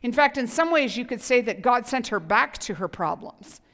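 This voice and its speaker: A woman pastor preaching a sermon with passion, dropping to whispers and rising to loud emphasis. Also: fairly high pitch, animated, normal speed. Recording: hall reverb.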